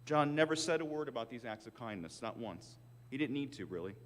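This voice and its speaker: Older man, commencement speaker, wry self-deprecating stories, mid-pitched voice, long hall reverb. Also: lively intonation, a little fast, a bit bright. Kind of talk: commencement address. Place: large auditorium.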